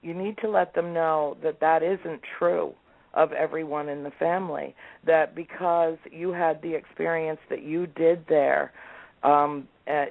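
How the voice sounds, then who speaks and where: A woman's voice: deep voice, vocal fry, no echo. A woman in her sixties, a guest telling family stories in an interview, acting out what her relatives said. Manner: animated storyteller, acts out family members' lines. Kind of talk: storytelling in a remote interview. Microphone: phone or call line. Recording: tinny, dry phone-line audio.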